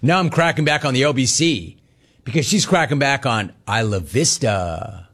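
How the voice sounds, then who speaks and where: A man's voice: mid-range voice, normal speed, breathy edge. A man in his fifties hosting a sports talk radio show, telling stories in a wry, conversational monologue. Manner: animated storyteller, wry and conversational.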